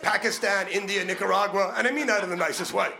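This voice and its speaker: Brash high-voiced stand-up comic. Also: male voice, quick pace, creaky, a crowd in the background. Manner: brash, crude, animated punchlines. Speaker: stand-up comedian. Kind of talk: stand-up comedy set.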